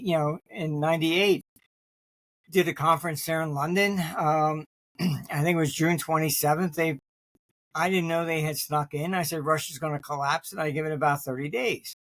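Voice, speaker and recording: A fairly high-pitched man speaks in a dry, close recording. He answers interview questions with long, loose anecdotes, drifting between half-finished sentences and stopping often to clear his throat. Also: fairly bright tone, dry recording. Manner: restarts sentences, many fillers. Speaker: interview guest, market forecaster.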